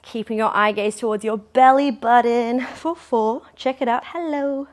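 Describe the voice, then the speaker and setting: A woman's voice: on the high side, steady tone, normal speed. A young woman leading a pilates workout, encouraging and counting down reps. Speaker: pilates instructor. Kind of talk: guided workout instruction.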